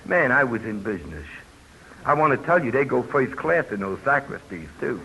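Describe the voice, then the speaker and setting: Sing-song, with vocal fry and a sharp tone, an older man from New York speaks in a mid-range voice at normal speed. He delivers plainspoken personal testimony at a recovery convention, with folksy asides. The old tape is muffled and hissy.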